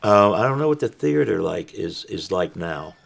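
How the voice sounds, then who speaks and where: A man's voice: deep voice, sing-song, moderate pace, creaky, breathy edge. A man in his seventies, a guest actor, chatting reflectively in an interview. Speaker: guest actor and voice-over artist. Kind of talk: casual interview chat.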